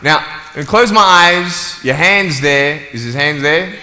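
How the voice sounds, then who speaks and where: A man's voice: on the high side, a little slow, pushed and bright, slight background noise. A young man giving a live motivational talk to an audience, joking playfully and then turning earnest and searching. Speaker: motivational speaker.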